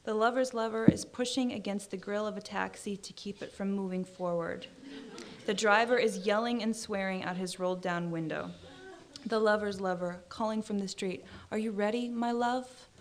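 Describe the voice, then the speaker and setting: A woman author reading her own short fiction aloud in a measured, dry narrating voice. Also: mid-range voice, steady tone. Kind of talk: literary reading.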